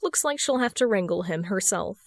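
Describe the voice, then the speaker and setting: A woman narrating a fan fiction story in a steady, even read. Her voice sits mid-range, and the recording is dry and close with no room echo. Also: medium pitch, a little fast. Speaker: podfic reader.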